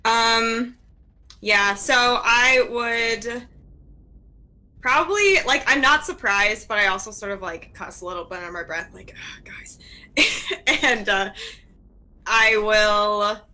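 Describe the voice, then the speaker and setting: A woman takes her turn in a tabletop game, thinking aloud about her move. She speaks slowly with a bright tone. She hesitates and circles back as she talks. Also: a little high, poor audio. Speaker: player.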